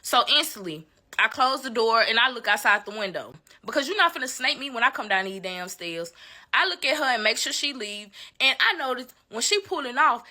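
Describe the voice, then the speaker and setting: Speaking fairly quickly in a dry recording, this storytime vlogger, a young woman with a rather high voice, talks straight to her audience, animated and casual, cursing without restraint.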